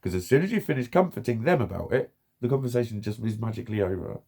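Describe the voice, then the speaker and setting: A man's voice: lowish voice, very animated, fast, vocal fry, darkish tone. A man talking bluntly and frustrated in a candid vlog monologue, swearing often and repeating himself. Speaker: vlogger.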